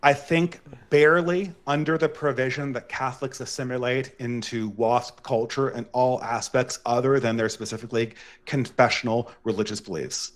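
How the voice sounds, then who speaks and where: A man's voice: medium pitch, fairly even intonation, moderate pace, few pauses. A man in an online debate, laying out long explanations in a lecturing way.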